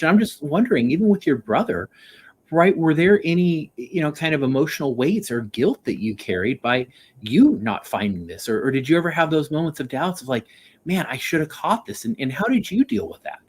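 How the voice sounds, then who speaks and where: A male podcast host with a husky, slightly breathy voice asks his guest questions. His pitch moves up and down a lot, and he keeps adding "right?" as he talks. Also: sing-song, brisk. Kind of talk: conversational interview.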